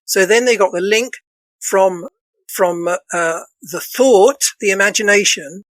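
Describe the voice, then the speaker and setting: A man with a voice going hoarse, a dance counsellor explaining things earnestly as a podcast guest, looping back and restarting his phrases as he talks. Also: sits high, takes it slowly, fairly bright tone, no room sound, poor audio. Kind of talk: casual podcast interview.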